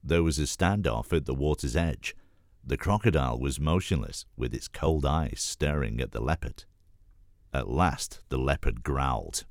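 A man reads a children's animal story aloud for an audiobook audition, telling it clearly and steadily. His voice is extremely deep. The recording is close to the mic and dry, with no room sound. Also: animated, moderate pace, no echo. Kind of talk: scripted storybook narration.

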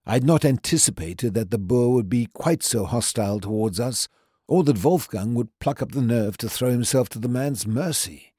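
A man narrating a story in the first person, with a measured, even delivery. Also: medium pitch, husky, no echo, clean studio sound. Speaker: audiobook narrator.

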